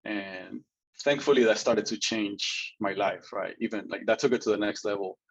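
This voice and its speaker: A man's voice: fairly low pitch, steady tone, moderate pace, vocal fry, highs cut off. A man telling his personal story as an interview guest, earnest and chatty, often adding "right?" and laughing a little.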